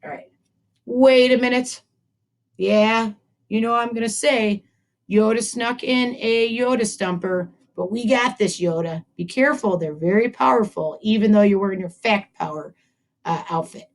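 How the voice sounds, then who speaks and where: A woman with a fairly high voice leads a cheerful math lesson for young children. She counts slowly and clearly and praises her class often. She talks warmly to a puppet sidekick along the way. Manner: upbeat, encouraging, talks to a puppet. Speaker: second grade teacher.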